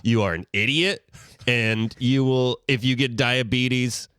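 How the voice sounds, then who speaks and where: A man's voice: medium pitch, fairly even intonation, slow, a bit bright, smooth, no echo, clean studio sound. A man co-hosting a podcast, ranting in casual banter and laughing often. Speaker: podcast co-host.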